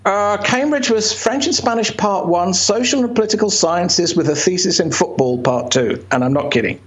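Joking British man, higher voice. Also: normal speed, highs cut off. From Birmingham, England. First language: Polish. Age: middle-aged. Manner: self-deprecating, joking, animated. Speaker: interview guest, writer. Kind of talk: casual interview chat.

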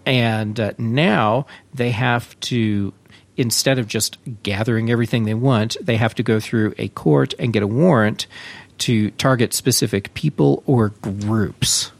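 A man hosting a tech podcast, talking in a relaxed, chatty way with frequent fillers. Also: mid-range voice, unhurried, gravelly. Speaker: podcast host. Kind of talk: casual tech podcast talk.

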